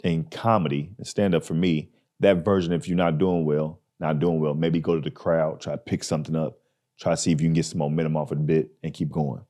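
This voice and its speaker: Deep-voiced man telling a story. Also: a little fast. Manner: animated, acts out people in his stories. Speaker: podcast host. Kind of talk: casual storytelling.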